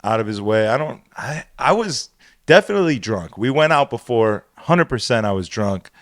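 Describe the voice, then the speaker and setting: A man co-hosting a podcast, telling a profane, animated story in casual chat. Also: mid-range voice, moderate pace, dry recording, clean studio sound. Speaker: podcast co-host.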